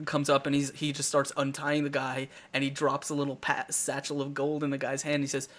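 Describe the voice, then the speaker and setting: A man hosting a live talk show, telling game stories in a rambling, animated way with lots of restarts. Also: fairly high pitch, fairly quick, hardly any pauses. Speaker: talk show host and dungeon master.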